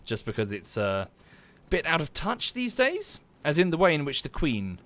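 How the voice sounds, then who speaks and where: A man's voice: on the high side, wildly swooping pitch, normal speed, fairly bright tone. A man from southern England with an Estuary English accent, talking casually while he plays a game on a livestream, thanking viewers by name and swearing under his breath at the game. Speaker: game streamer.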